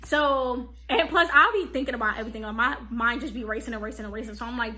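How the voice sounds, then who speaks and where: A young woman vlogger telling a casual storytime, animated and slangy, full of "like" and "okay?". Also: on the high side, quick pace, few pauses, a crowd in the background.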